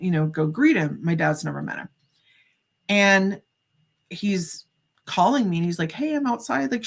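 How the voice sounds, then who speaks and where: A middle-aged woman, a psychic medium, telling a story as a podcast guest, acting out the dialogue with many casual fillers. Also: medium pitch. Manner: animated, acts out quoted dialogue, frequent "like" fillers.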